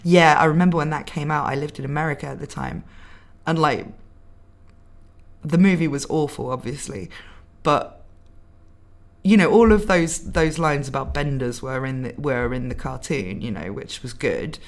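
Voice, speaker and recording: Here a low-voiced woman speaks at a normal speed while streaming, casually reading live comments from viewers. She's young, from England, with a slightly posh accent. Chatty and giggly, she keeps laughing between her remarks.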